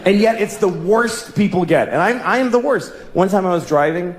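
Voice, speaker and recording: A man delivers a stand-up set in a large, echoing hall, and audience laughter rises behind him. His fairly high voice swings widely, from a low, exasperated mutter up to yelled punchlines. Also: animated, normal speed, slight background noise. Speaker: stand-up comedian. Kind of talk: stand-up comedy routine.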